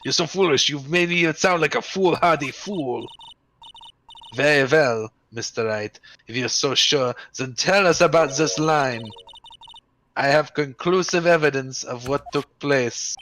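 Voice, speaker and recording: A man's voice: on the high side, unhurried, a bit bright, slight background noise, rough recording. A man voicing a haughty young female prosecutor in a fan game reading, sneering and hurling insults. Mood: scornful.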